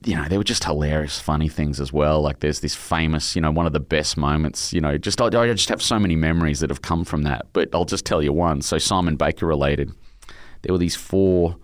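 Deep-voiced Australian man telling stories. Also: a little fast, no echo, studio quality. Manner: rambling, emotional storytelling with many restarts. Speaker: author being interviewed. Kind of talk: casual interview chat.

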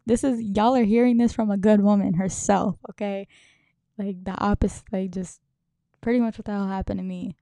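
Clean studio audio with no room sound captures this young woman's medium-pitched, dark, steady voice at an ordinary pace. Hosting her podcast solo, she wanders from thought to thought with plenty of emotion, laughter, and swearing.

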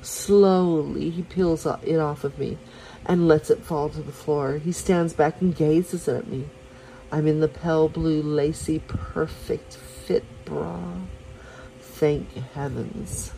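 A woman reading a romance story aloud for her podcast, soft and unhurried, with small slips and restarts. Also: deep voice, steady tone, vocal fry, slight background noise, low-quality recording.

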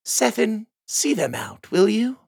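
A man voicing a scheming, irritable woman who runs a music studio, with a creaky, husky voice. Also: high voice, big pitch swings, slow, a little mellow, no room sound, voice pushed up, heavily acted. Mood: smug. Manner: irritable, greedy and smug. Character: scheming flashy female studio boss.

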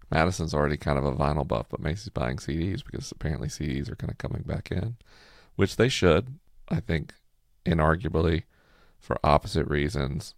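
A man co-hosting a podcast, speaking in a raspy, low-energy voice with heavy vocal fry. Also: no room sound, clean studio sound. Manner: relaxed, low-energy delivery. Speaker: podcast co-host. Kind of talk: casual podcast chat.

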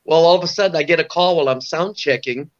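A man's voice: a little high, fast. Older man telling rambling stories, lo-fi. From Orange County, California. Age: 60s. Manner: rambling, full of "you know" and restarts. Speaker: guest musician. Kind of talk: casual storytelling interview.

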